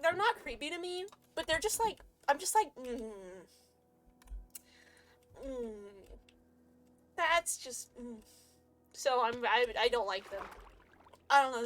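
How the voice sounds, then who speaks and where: A woman's voice: high voice, a bit bright. A woman streamer chatting casually and rambling, joking and laughing often. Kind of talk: casual chat.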